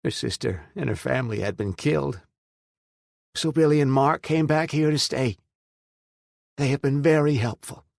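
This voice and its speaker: A man's voice: mid-range voice, moderate pace, gravelly, pauses often, no echo, studio quality, voice pushed up, lightly acted. A man voicing a stern but loving middle-aged mother who scolds firmly. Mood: tearful. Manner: scolding, firm.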